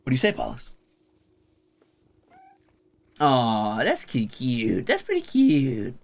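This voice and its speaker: A man's voice: medium pitch, wildly swooping pitch, slow pace. A young man streaming casually, coaxing and teasing his pets with a playful, casual cursing manner. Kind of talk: casual live stream chat.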